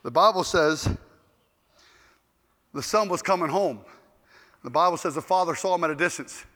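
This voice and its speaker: A man preaching a sermon, telling stories in an animated, joking way. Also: on the high side, normal speed. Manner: animated, joking storyteller who acts out quotes loudly. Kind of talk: storytelling sermon. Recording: long hall reverb.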